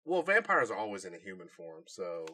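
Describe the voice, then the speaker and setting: Lively, bright-voiced male podcast host. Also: low voice, fairly quick, breathy edge. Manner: animated, laughs a lot. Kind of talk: casual chat.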